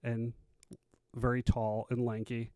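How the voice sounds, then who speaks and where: Co-host, short plain interjections, mid pitch, dry close mic. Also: completely flat delivery, slow, warm tone, clean tone, no echo. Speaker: podcast co-host. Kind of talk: casual chat.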